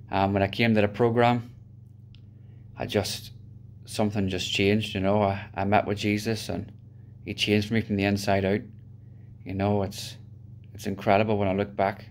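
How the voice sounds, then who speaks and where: A man from Northern Ireland gives a heartfelt testimony in a low, very level voice. He speaks steadily, with an occasional "you know" as he reflects. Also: a little hiss or hum. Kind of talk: personal testimony.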